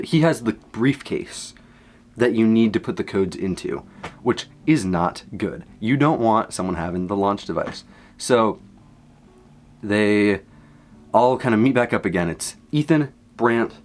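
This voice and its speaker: Young man, lowish voice, rambling, excitable, casual recap, low asides and high exclaims. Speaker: content creator. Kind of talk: casual movie recap from memory.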